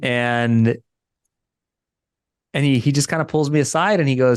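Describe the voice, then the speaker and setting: A middle-aged podcast guest with a smooth, mid-range voice speaks a little slowly as he tells a story in a casual interview. He's animated, acting out the quotes of the people involved, and the studio-quality audio has no echo.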